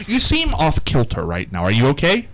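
A man's voice: a little high, fairly bright tone, slight background noise, low-quality recording. A middle-aged man hosting a live radio show in a small studio, chatting casually and rambling from one thing to the next. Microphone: studio microphone.

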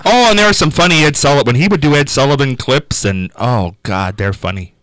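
A man hosting a radio show, telling an anecdote in a casual, animated way and laughing as he goes. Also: mid-range voice, fairly quick, dry recording, rough recording. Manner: animated, laughs through his stories. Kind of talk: casual storytelling chat.

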